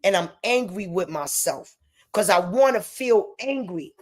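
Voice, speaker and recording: A woman from the United States, ranting heatedly to the camera at home and swearing freely, her voice rising into shouts. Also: mid-range voice, lively intonation, measured pace. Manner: heated, profane, breaks into shouting. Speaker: vlogger. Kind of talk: angry direct-to-camera rant. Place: home in the Bronx.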